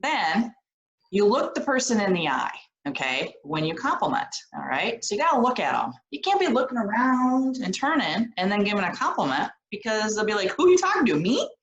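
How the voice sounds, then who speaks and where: Woman, program director, lively lesson, very expressive pitch, echoey room. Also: moderate pace, muffled recording. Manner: animated, keeps checking in with "okay?". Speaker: program director teaching social skills. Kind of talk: lively classroom video lesson.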